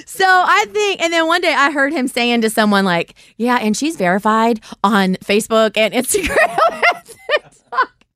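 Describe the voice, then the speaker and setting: Lively chatty woman podcast host. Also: normal speed, no room sound, studio quality. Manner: chatty storyteller, acts out quotes with big pitch jumps. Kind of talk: casual live Q&A chat.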